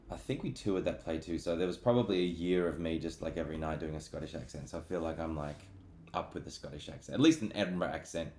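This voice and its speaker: Low-voiced Australian voice actor, relaxed and rambling, recorded in a roomy space. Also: male voice. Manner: easygoing, rambling. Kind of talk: casual chat on a livestream. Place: on a couch indoors. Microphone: camera or phone on a livestream. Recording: roomy echo, faint ambient noise.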